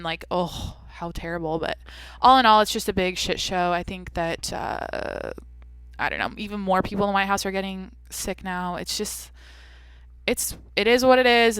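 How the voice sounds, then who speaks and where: A woman's voice: lowish voice, a bit bright, clear, resonant tone, no room sound. A young woman hosting her own podcast, rambling and venting in a casual, swearing, filler-heavy way. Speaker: podcast host. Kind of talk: casual solo podcast rant.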